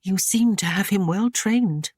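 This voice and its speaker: A woman's voice: mid-range voice, darkish tone, slightly rough, no echo, studio quality, voice pushed up. A man reading an audiobook, voicing a proud and defiant young Saxon noblewoman in a raised, pointed voice. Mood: wry teasing. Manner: teasing, pointed, quick to worry.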